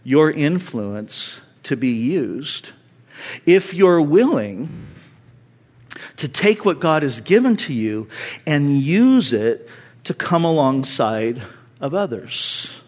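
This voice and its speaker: A man's voice: on the high side, big pitch swings, takes it slowly, a little mellow. A man preaching a conversational sermon as a pastor, earnest and acting out the voices he quotes.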